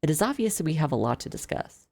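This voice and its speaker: Streamer reading as a wry, gravelly young villainess. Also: mid-range voice, sing-song, quick pace, darkish tone, a little hiss or hum, voice pushed up. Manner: dry, wry formal phrasing. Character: sardonic young noblewoman villainess. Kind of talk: reading game dialogue aloud.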